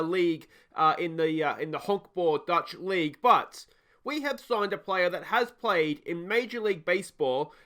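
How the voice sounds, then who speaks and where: A man's voice: high voice, a bit bright. An Australian man hosting a let's play, chatting casually through game commentary with frequent ums and uhs.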